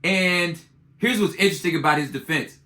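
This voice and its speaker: A man hosting a casual political podcast with a bright, forceful voice. He talks in loose slang and tells the story with energy, acting out each side as he goes. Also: a little high, a little fast. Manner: slangy, animated storytelling, acting out both sides. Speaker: podcast host.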